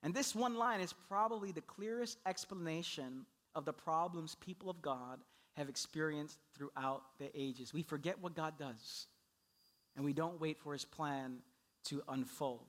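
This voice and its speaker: A man preaching a sermon, telling the story with animated delivery and acting out the people he quotes. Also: on the high side, normal speed. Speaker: pastor.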